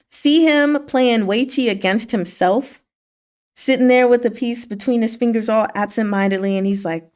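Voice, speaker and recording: A woman with a fairly high voice breezily sums up chapters of a novel for her book club. She's lively and laughing, performing the characters' dialogue as she goes.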